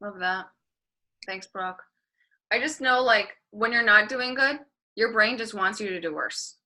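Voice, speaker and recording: A woman's voice: mid-range voice, a little slow, sharp tone. A woman coaching a group over a video call, talking candidly and bluntly, with plenty of "like" and some swearing. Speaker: fitness and business coach hosting a group call. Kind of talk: casual motivational talk.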